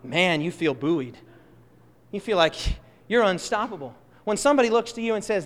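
A man preaching a sermon in a church, impassioned, swinging between loud emphatic bursts and soft, slow asides. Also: high-pitched, animated, in a large hall.

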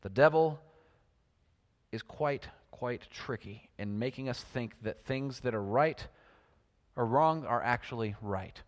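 A man preaching a sermon, telling stories and swinging between loud emphasis and hushed lines. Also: mid-range voice, takes it slowly, in a large hall.

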